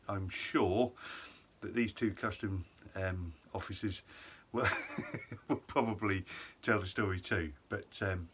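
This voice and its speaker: A man's voice: fairly low pitch, fairly bright tone. A young man casually telling a self-mocking story to camera, full of ums and asides. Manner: chatty, self-mocking, lots of ums and et ceteras. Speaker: vlogger.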